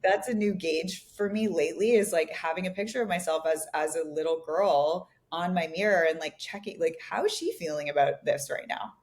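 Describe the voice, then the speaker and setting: A woman's voice: on the low side, brisk, few pauses, a little mellow. A woman co-hosting a podcast as a relationship coach, reflective and given to laughing and saying "like". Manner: reflective, laughs often, many fillers like "like". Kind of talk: casual podcast conversation.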